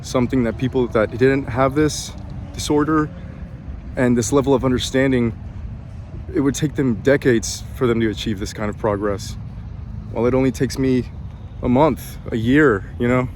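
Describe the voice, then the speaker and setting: A breathy man speaks in a confessional personal vlog. His voice sits at an ordinary middle pitch and has a slightly complaining tone. He stumbles through fillers and restarts while faint outdoor noise hums underneath. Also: normal speed, darkish tone. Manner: hesitant, many fillers and restarts. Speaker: vlogger.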